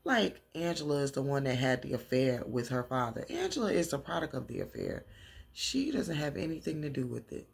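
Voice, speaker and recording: A woman in a casual recap vlog, losing her voice, telling the story in an animated way and acting out the characters' lines. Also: very deep voice, fairly quick, vocal fry, breathy edge. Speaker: TV recap vlogger.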